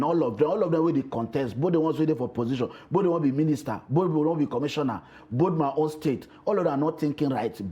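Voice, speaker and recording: A man with a Nigerian accent, a comedian talking animatedly in a TV interview and slipping into pidgin. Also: medium pitch. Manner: animated, mixes pidgin into English. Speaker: comedian guest. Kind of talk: TV interview talk.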